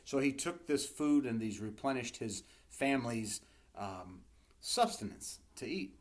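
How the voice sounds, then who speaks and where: A man preaching a sermon as a pastor, retelling stories in an animated, conversational way with asides to his listeners. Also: mid-range voice, measured pace. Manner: animated storytelling with asides to the congregation.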